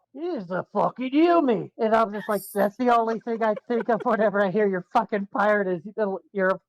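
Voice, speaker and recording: High-voiced, foul-mouthed gamer man. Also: no echo, muffled recording. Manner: swears freely, rambling. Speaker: player. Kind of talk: casual chat in an online tabletop game.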